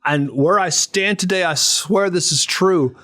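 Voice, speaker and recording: A middle-aged man telling stories as a guest on a podcast, animated, with casual storytelling. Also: sits high, unhurried. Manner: animated storyteller who acts out voices.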